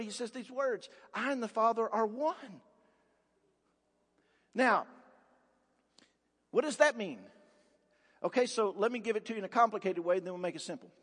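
A man preaching a sermon as pastor, emphatic, firing rhetorical questions and repeating words for force. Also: high-pitched. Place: church sanctuary. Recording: long reverb of a large church hall.

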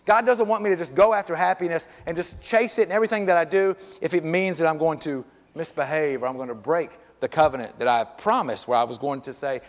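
A middle-aged pastor preaches a sermon in a church sanctuary, speaking conversationally with frequent restarts and repeated words. His voice is on the high side and his pace is quick. The church hall gives a long reverb.

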